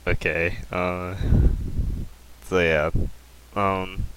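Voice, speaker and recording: Deep, flat-voiced laid-back man. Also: extremely slow, slight background noise, poor audio. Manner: laid-back, brief replies. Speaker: podcast co-host. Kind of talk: casual chat.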